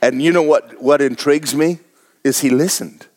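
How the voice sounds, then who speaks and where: A man's voice: on the high side, normal speed, darkish tone. A male pastor, preaching a sermon in a folksy, humorous way.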